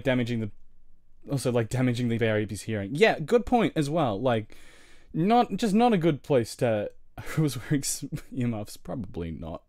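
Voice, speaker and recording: Young Australian male streamer, lowish voice, loose rambling chat, dry close mic. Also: a little mellow, dry recording. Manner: rambling, chatty, lots of fillers, laughs often. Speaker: livestreamer. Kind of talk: casual livestream chat while video editing.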